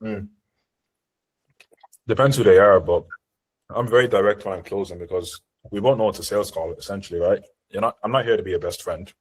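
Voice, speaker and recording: A man's voice: on the low side, fairly quick, slightly rough, low-quality recording. A man teaching sales in a live seminar, talking in a direct, assertive way. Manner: direct, assertive coaching talk. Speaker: sales trainer. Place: online group call.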